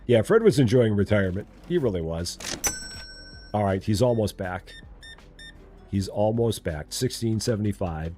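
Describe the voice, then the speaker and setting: A man's voice: fairly low pitch, lively intonation, moderate pace, pauses often, dark tone, soft background music. A man streaming a game live, chatting and joking with his viewers. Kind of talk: casual live gameplay commentary.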